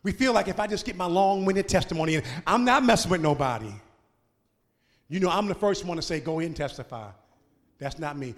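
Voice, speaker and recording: A man, a pastor, preaching a sermon that swings from shouted, sung climaxes to quiet, conversational asides. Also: fairly high pitch, long reverb tail. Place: church sanctuary.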